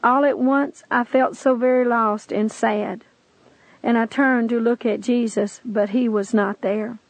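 A woman on the high side speaks with a steady tone at an unhurried pace, giving a pleading, heartfelt testimony meant to make the listener believe. There is no echo, though the recording is rough.

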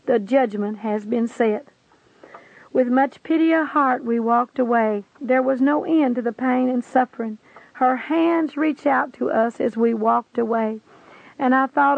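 A woman's voice: sits high, steady tone, unhurried, gravelly, dry recording. A woman narrating a religious vision account in a grave, preaching cadence. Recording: dry, tinny phone-like sound.

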